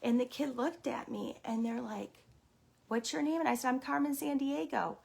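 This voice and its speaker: A woman telling an animated, mock-stern story while playing a thief character, with sudden exclamations and repeated catchphrases. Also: sits high, moderate pace, creaky, slightly rough. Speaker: daycare owner vlogger.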